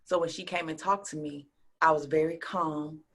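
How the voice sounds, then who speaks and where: Woman, husky, casual interview chat, acts out quotes, whispers and exclaims. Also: low-pitched, moderate pace. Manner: animated storyteller who acts out quotes, dropping to a whisper and rising to near shouts. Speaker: interview guest, speaker and coach.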